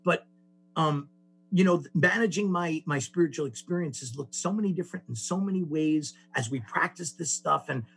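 Gravelly husky man telling his story. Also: fairly high pitch, normal speed. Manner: animated, acts out voices in his story, many restarts. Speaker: speaker sharing a recovery story. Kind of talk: storytelling share at a recovery meeting. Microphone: call audio.

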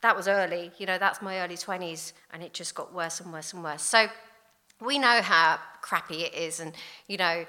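Blunt bright-voiced woman. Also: fairly low pitch, moderate pace. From London. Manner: candid and blunt, animated storytelling with acted-out quotes. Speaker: recovery speaker. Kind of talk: personal testimony talk.

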